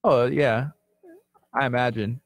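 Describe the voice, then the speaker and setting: A man co-hosts a live radio show from a studio, teasing his partner and laughing through easy banter. His voice sits at an ordinary pitch and sounds close and dry on the mic. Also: steady tone, unhurried, dry recording. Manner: joking, teasing, chatty with laughs. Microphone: studio microphone.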